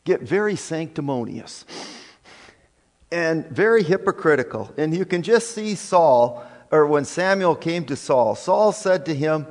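A man delivers an emphatic sermon with frequent fillers, his fairly high voice moving at an unhurried, deliberate pace. The recording carries the long reverb of a church sanctuary. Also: lively intonation. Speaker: preacher.

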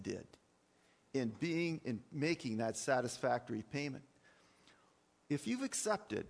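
A male pastor preaching a sermon, emphatic, with rhetorical questions and repeated words, in a church. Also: a little high. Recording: long hall reverb.

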